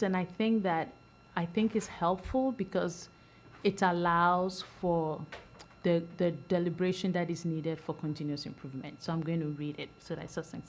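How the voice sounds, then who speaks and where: A middle-aged woman addresses a school board meeting in a somewhat low voice. She talks earnestly and loosely, restarting phrases and breaking into small laughs. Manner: earnest, rambling, with frequent restarts and soft laughs. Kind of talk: public meeting remarks.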